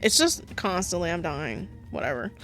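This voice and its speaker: A woman's voice: on the low side, very animated, normal speed, a bit bright, soft background music. A woman with a sore throat, reading a visual novel aloud and breaking off into casual, self-mocking asides. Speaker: game streamer.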